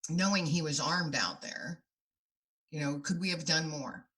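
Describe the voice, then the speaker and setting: A woman's voice: low voice, a little slow, fairly bright tone. A middle-aged woman speaking as a podcast guest, telling her stories in an earnest, heartfelt way. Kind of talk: podcast interview.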